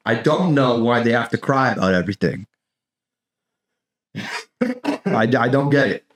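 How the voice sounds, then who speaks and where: A young American man rambles through a comedic podcast monologue, swearing freely and tossing in "dude" every few words. His pitch sits in an ordinary middle range, and the sound carries a noticeable room echo. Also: very animated, unhurried. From United States. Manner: rambling, profane, sarcastic, says "dude" constantly. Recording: echoey room.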